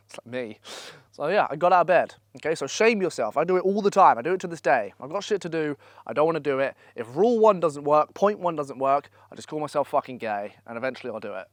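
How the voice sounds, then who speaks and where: A young man gives blunt, profane, energetic motivational advice in a casual vlog, speaking at a holiday villa. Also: a little high, fast talker, no room sound, clean studio sound. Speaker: online business coach.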